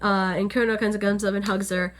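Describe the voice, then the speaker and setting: A woman's voice: mid-range voice, little pitch movement, fast talker. A young woman casually recapping an anime episode on camera, chatty and full of fillers. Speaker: anime reviewer. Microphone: on-camera setup.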